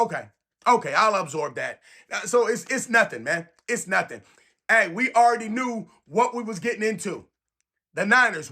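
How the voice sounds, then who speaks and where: A man from San Francisco, ranting casually and emphatically to camera as a sports fan, repeating his points. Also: very high voice. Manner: animated, emphatic, repeats phrases.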